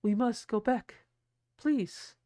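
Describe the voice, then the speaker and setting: A person putting on a higher, pleading voice for a gentle, worried ragdoll woman in a casual video. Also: slow, no echo, clean studio sound, lightly acted.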